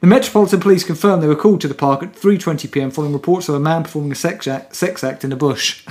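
A man talking quickly in a slightly higher register, reading news aloud on a casual podcast. His delivery is wry and mock-serious, and he drops dry asides between sentences. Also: darkish tone. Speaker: podcast co-host.

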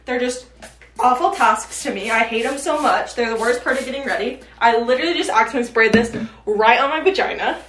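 A woman's voice: on the high side, brisk, a bit bright. A young woman in her late teens, chatting casually as a podcast host and rambling with lots of fillers. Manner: chatty, meandering, frequent fillers. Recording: echoey room, mic at a distance.

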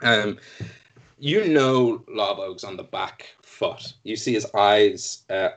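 Rambling low-voiced male game master. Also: slow pace. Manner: rambling, self-deprecating, filler-heavy narration. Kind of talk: narrating a tabletop game.

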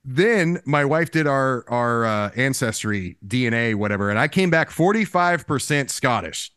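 A man co-hosting a podcast, chatting casually, excitable, often laughing and swearing. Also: medium pitch, moderate pace, clean tone, dry recording, clean studio sound. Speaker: podcast co-host.

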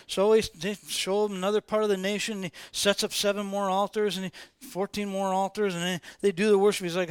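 A man preaching a sermon as informal, animated storytelling, repeating phrases for emphasis. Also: high-pitched, brisk, smooth, dry recording. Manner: animated, repetitive, colloquial storytelling.

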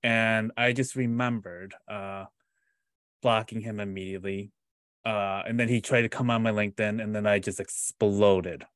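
Low-voiced reflective male podcast host. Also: steady tone, a bit bright, clean tone, no room sound. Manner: measured, reflective, with hesitant fillers. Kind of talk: podcast interview.

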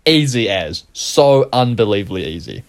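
A man's voice: lowish voice, sing-song, moderate pace. Young kiwi guy on a podcast, rambling and swearing a lot, just yarning away. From New Zealand. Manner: profane, rambling, laughs through his stories. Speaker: podcast co-host. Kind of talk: casual storytelling chat.

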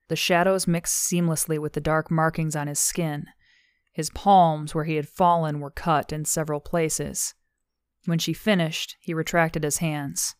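A woman narrating an audiobook in measured, even storytelling, recorded on a close studio mic. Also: sits low, clear, resonant tone, no room sound.

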